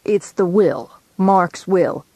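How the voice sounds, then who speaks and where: A woman reading an audiobook, voicing an eager, excited young male lawyer. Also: lowish voice, no echo. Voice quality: eager and quick.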